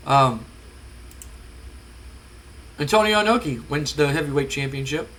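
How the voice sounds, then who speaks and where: A man recaps his wrestling sim in casual let's-play commentary. His voice is bright and forceful and sits slightly high. He talks loosely, with plenty of ums. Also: moderate pace. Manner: relaxed, chatty, with filler ums. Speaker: gamer narrating a wrestling sim.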